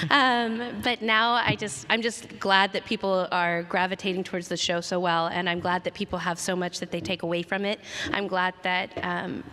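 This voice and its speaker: A woman's voice: mid-range voice, steady tone, fairly quick, few pauses, bright, forceful tone, slight background noise. A woman voice actress answering fan questions at a convention panel in a chatty, giggly way. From Texas, USA. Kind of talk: casual panel Q&A. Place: large convention hall. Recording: reverberant convention hall.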